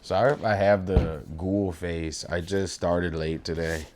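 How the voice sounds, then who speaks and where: A young man talks casually as he draws, wandering through a story with plenty of fillers and swearing. His voice sits low. He speaks slowly and never rushes. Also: steady tone, a little mellow, a little hiss or hum. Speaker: streamer and artist. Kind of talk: casual chat while drawing. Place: home room.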